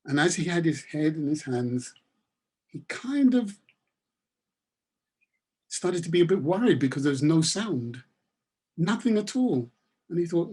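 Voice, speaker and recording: A man's voice: a little high, lively intonation, a little slow, pauses often, darkish tone, husky. A man giving a webinar talk and telling a story in an emphatic, repetitive manner. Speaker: webinar speaker.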